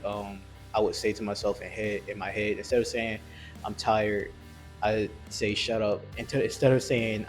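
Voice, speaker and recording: A man giving a blunt, earnest motivational talk about self-discipline and weight loss, with frequent restarts, over soft music. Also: on the low side. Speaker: fitness vlogger. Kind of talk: motivational monologue.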